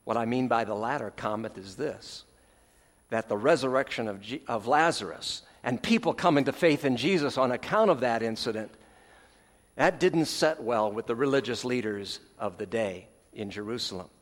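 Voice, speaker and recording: A man preaching a sermon as pastor, earnest with dramatic pauses, letting phrase ends fall soft, with folksy asides. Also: medium pitch. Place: church sanctuary. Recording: long hall reverb, church sanctuary.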